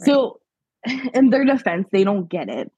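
A woman's voice: medium pitch, big pitch swings, unhurried, darkish tone, husky, dry recording, dull audio. A young woman from Pennsylvania, a podcast guest, telling a personal story in a chatty way, laughing often and acting out past conversations. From Pennsylvania, USA. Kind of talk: casual storytelling interview.

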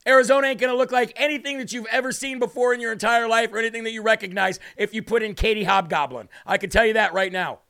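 A man's voice: sits high, quick pace, gravelly, few pauses, sharp tone, smooth. A man hosting a live political commentary show, emphatic and sarcastic, firing rhetorical questions at viewers. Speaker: host.

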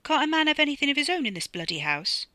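Woman doing a gruff sardonic bloke, blunt, bright dry read. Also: on the low side, a little fast, no echo. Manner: blunt, swears casually, sardonic. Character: gruff blunt middle-aged man, sardonic.

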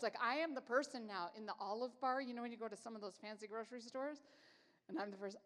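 A woman's voice: a little high, quick pace. A woman in her forties giving a conversational sermon as a Bible teacher, telling stories in a chatty, self-deprecating way. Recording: long hall reverb.

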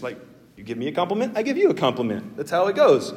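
Animated preaching pastor in a reverberant hall. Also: male voice, fast talker. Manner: earnest, animated preaching with emphatic pitch jumps. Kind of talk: sermon.

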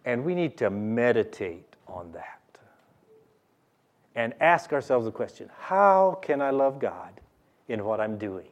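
Slow, emphatic male preacher. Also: medium pitch, sing-song, muffled recording. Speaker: pastor. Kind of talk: sermon.

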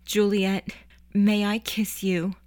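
A woman's voice: medium pitch, level tone, slow pace, darkish tone, no room sound, voice pushed up, natural voice. A woman voicing an earnest, lovesick teenage boy who talks hesitantly and pleads. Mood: pleading.

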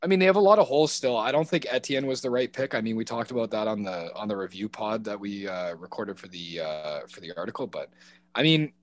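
A man co-hosting a casual football podcast, rambling and animated with frequent restarts. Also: lowish voice, quick pace. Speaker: podcast co-host. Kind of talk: casual sports podcast chat.

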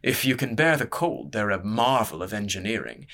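A man playing a genial, talkative knight in an audiobook. He speaks smoothly and courteously in a bright voice that sits a little low. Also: sing-song, moderate pace.

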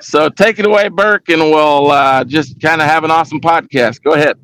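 A man's voice: fairly high pitch, moderate pace, a bit bright, clean tone, no echo, rough recording. A man hosting a podcast, playful and jokey as he hands over to his co-host. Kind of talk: casual podcast interview.

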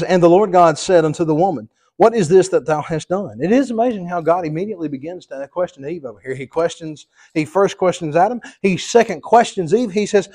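A man's voice: fairly high pitch, darkish tone. A man, preaching a sermon as pastor, impassioned and emphatic.

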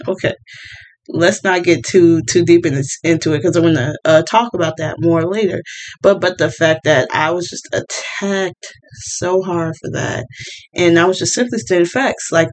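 A woman's voice: on the low side, rough recording. Chatty opinionated woman ranting casually. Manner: chatty, opinionated, many fillers and restarts. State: partly deaf. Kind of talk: casual monologue.

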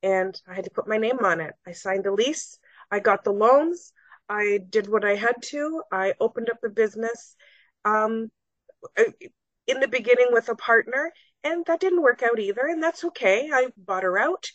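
A woman's voice: on the high side, normal speed, fairly bright tone, no room sound. A middle-aged woman, a podcast guest earnestly recounting a personal story and re-enacting conversations in her own voice. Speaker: guest, salon owner. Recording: dull, dry lo-fi recording.

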